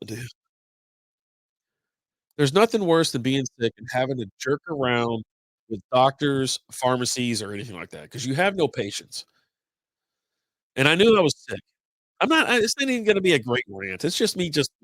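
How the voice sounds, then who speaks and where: A congested man in his forties rants on a casual live stream, rambling and exasperated as he plays both sides of his phone calls. His voice sits at an ordinary middle pitch, close and dry on the mic with no room around it. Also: a bit bright, no room sound, low-quality recording. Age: 40s. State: congested from sinus infection. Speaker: podcast host.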